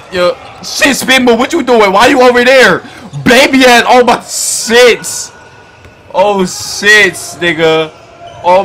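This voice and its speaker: A man hosting a basketball reaction video, talking in a loud, hyped, profane way and often shouting at the screen. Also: sits high, a little hiss or hum. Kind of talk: excited basketball reaction commentary.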